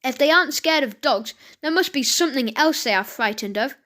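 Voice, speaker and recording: A woman voicing an anxious but quick-witted young boy in a children's storybook, with only light acting. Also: high-pitched, animated, pushed and bright. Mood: plain.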